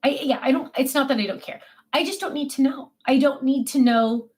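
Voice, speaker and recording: A woman's voice: high-pitched, fairly quick, darkish tone. A woman hosting a casual livestream from her desk, chatting about herself and answering viewers' comments in a self-mocking, chatty way. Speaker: livestream host. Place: home desk.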